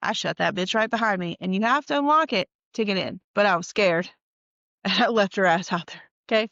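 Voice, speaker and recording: A woman from North Carolina tells an eerie story from her own life in a fried, gravelly voice, casual and heavy on swearing. She sounds a little tired and leans in conspiratorially. The recording is dull and lo-fi, with a dry, close sound. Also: medium pitch, brisk, a bit bright, no echo. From North Carolina, USA. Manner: profane, emphatic, conspiratorial. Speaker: storytime vlogger.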